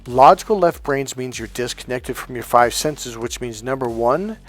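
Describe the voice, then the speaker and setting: A man's voice: medium pitch, expressive, normal speed. A man talking as a dating coach in a profane, emphatic rant straight to his listeners. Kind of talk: monologue to camera.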